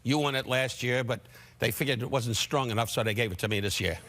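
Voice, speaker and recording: A man's voice: mid-range voice, quick pace, noisy background. An older man, a comedian guest on a talk show, telling rambling stories and teasing the host. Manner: brash, teasing, rambling with restarts. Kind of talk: talk show comic storytelling.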